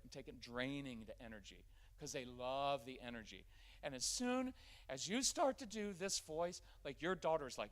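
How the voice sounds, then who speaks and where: A middle-aged man giving a live workshop talk in a church, energetic and conversational. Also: on the high side. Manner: energetic and conversational, acting out quick family scenes. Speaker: parenting workshop speaker. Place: church gathering with a live audience.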